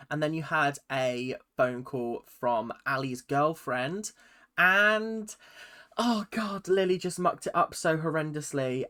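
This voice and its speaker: A vlogger ranting casually about a reality show, animated and swearing freely. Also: mid-range voice. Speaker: YouTube recap vlogger.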